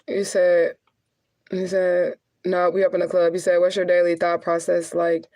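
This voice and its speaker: A woman's voice: on the low side, completely flat delivery, normal speed, mellow, no room sound. A woman talking casually to her viewers in a blunt, profane, chatty way, often laughing between heavier remarks. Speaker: spiritual adviser and vlogger.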